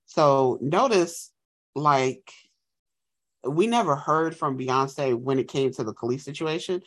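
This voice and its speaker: A woman co-hosting a podcast in casual chat, telling stories animatedly and acting out quotes in high voices. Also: takes it slowly. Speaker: podcast co-host.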